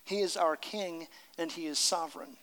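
Middle-aged male pastor, high bright voice, emphatic sermon delivery, long church reverb. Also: moderate pace. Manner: emphatic, reads story aloud with character voices.

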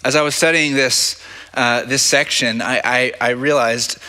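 A man's voice: medium pitch, fairly even intonation, unhurried, bright, forceful tone. A man preaching a sermon as pastor at a church service, talking conversationally, repeating words and asking "right?" often. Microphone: handheld or stage mic.

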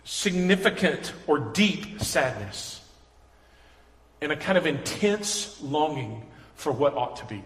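A man's voice: medium pitch, measured pace, fairly bright tone. A man preaching a sermon as pastor, conversational and earnest, building to emphatic passion. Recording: echoey hall reverb.

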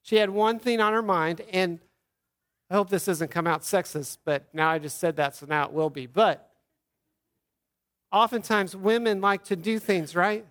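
A man, a pastor, giving an Easter sermon, telling the story earnestly and acting out quoted lines softly. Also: sits high, moderate pace.

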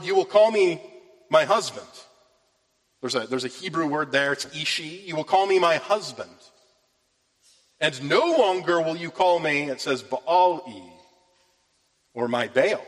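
A man's voice: a little high, fairly bright tone. A man preaching a sermon from scripture, earnest and rising with emphasis on key phrases. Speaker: pastor. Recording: long reverb of a large hall.

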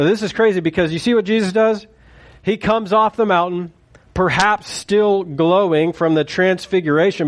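Guy preaching a sermon, kinda high voice, chatty and joking around. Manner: conversational and joking, acts out quotes. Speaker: pastor.

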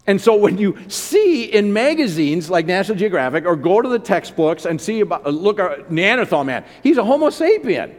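A man preaching a sermon in an animated way, often asking the audience questions. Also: high voice, moderate pace, hardly any pauses. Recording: long hall reverb.

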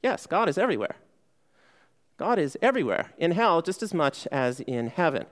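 A man's voice: a little high, sing-song, normal speed. Conversational male pastor preaching. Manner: conversational, asks the congregation questions and answers them; frequent "okay" fillers and restarts. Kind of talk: sermon.

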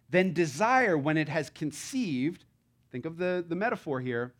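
A male pastor delivers a sermon with an easy, conversational warmth, tossing in rhetorical questions and side stories. His voice sits a little high for a man, and his energy rises and falls as he leans into a point. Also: a little slow. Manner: conversational, animated preaching with asides.

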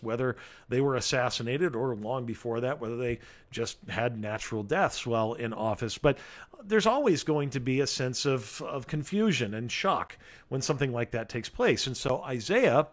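A man preaching a sermon in an earnest way, slowing down to stress the scripture he reads aloud. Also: on the high side. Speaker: pastor.

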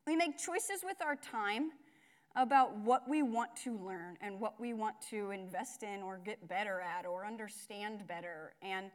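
A woman's voice: mid-range voice, measured pace. A young woman giving a casual, conversational sermon with lots of fillers and asides. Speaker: speaker at a church gathering.

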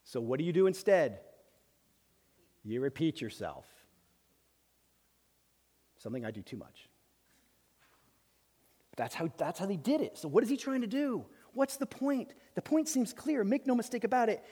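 High-voiced pastor preaching in a hall. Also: male voice, animated, moderate pace, long pauses, husky. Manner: emphatic, swings between loud bursts and quiet asides. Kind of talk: sermon. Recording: long reverb of a large hall.

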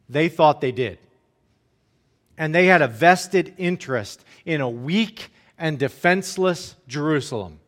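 A man's voice: high-pitched, a bit bright. A man preaching a sermon, speaking conversationally and often checking in with "right?", now and then briefly acting out the enemies' jeering words. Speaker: pastor.

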